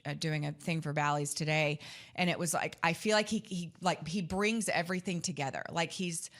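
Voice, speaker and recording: Chatty woman co-host, lower voice. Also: fairly even intonation, a little fast, a bit bright. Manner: chatty, self-interrupting, enthusiastic. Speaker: podcast co-host and sports reporter. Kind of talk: casual sports chat.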